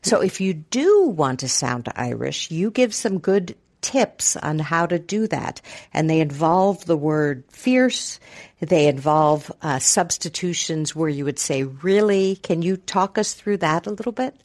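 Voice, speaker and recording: A woman hosting a relaxed interview, her voice pitched a little low. She is curious and keeps asking follow-up questions in an easy, conversational way. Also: a little slow. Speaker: interview host. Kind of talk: casual interview chat.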